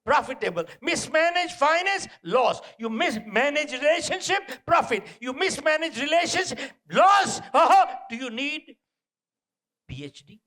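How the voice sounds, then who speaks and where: A man giving a live motivational talk to an audience, animated and punchy, repeating short phrases and throwing out rhetorical questions. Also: extremely high pitch, measured pace. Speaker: motivational speaker. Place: indoor event venue.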